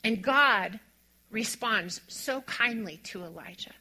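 Woman preaching, bright clear voice, goes soft then builds up big. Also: medium pitch, slow pace, poor audio. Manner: expressive, drops to a hush on quiet lines and rises to emphatic on strong ones. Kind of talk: sermon.

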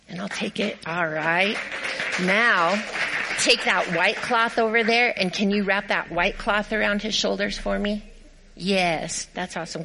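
A woman's voice: medium pitch, bright, forceful tone, poor audio. A woman pastor giving a sermon, cheerfully directing volunteers through a skit and reading scripture aloud. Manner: upbeat and encouraging.

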